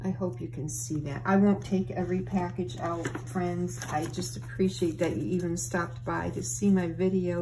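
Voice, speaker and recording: A woman's voice: on the low side, moderate pace, few pauses, a little hiss or hum, rough recording. A woman papercraft vlogger unboxing craft mail and gushing over each item to her viewers. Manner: gushing, excited, often breathy exclamations. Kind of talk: casual unboxing chat to viewers.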